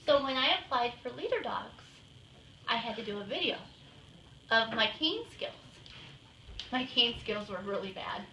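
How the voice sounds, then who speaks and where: Woman, patient talk to kids, high and bright, roomy distant home recording. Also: animated. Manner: plain, patient explaining, pausing to give dog commands. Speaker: guest speaker with a guide dog. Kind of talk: casual talk to children. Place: indoors in a home. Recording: roomy, distant home-video sound with faint noise.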